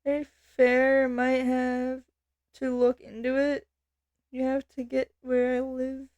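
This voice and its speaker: High-voiced woman streaming a game. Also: monotone, slow pace, clean tone, muffled recording. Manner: chatty, reacts aloud to the game. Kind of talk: casual let's-play commentary. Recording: loud game music behind.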